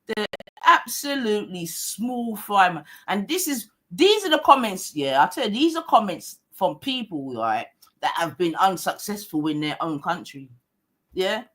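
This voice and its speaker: Measured in pace but very animated, this livestream host has a medium-pitched, fairly bright voice. She delivers a combative, heated rant full of slang and curses, returning to her points repeatedly.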